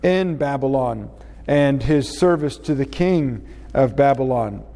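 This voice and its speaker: A man teaching a Bible class in an unhurried way, often pausing with "uh" fillers. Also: mid-range voice, animated, mellow. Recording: long reverb in a hall.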